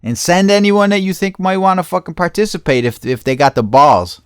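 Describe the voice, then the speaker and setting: A man's voice: high voice, a little fast, clear, resonant tone, no room sound, studio quality. A man hosting a casual chat show, talking loosely, swearing often and laughing between thoughts. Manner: loose, profane, laughing asides. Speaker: podcast host.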